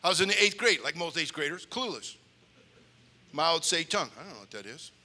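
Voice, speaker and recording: An older man preaching with humor, an animated storyteller with comic timing who slips into character voices. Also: on the high side, fairly quick. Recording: long hall reverb.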